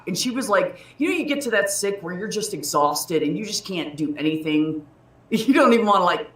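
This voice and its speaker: A woman's voice: on the low side, lively intonation, a little fast, distant mic. A woman in her thirties hosting a casual livestream chat, telling a story in a profane, heated way. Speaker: livestream host. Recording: roomy echo.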